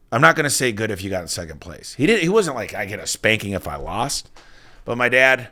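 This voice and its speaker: A man in his forties, a business owner telling stories as an interview guest in an energetic, emphatic way. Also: lowish voice. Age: 40s. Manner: energetic, emphatic storyteller with frequent restarts. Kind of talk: casual interview talk.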